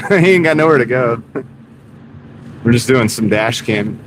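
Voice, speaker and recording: A man's voice: medium pitch, expressive, measured pace. A man from North Carolina chatting casually to his livestream viewers while driving, laid-back and full of "dude". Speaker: delivery driver and livestreamer. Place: inside a moving car. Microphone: wireless clip-on mic. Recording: car road noise behind.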